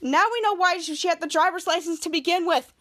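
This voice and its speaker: A woman with a very high voice hosts a casual podcast. She retells a TV episode in an excitable, rambling way and keeps restarting her sentences. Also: quick pace. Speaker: podcast host.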